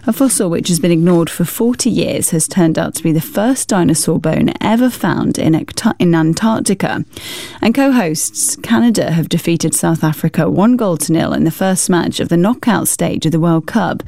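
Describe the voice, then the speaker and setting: A woman reading a formal news bulletin in a measured, scripted manner. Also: on the low side, gravelly, mellow. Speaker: newsreader.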